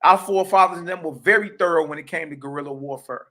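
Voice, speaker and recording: Bright-voiced, emphatic man teaching history. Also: on the high side, quick pace. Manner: emphatic, streetwise, repetitive. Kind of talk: informal religious history lesson.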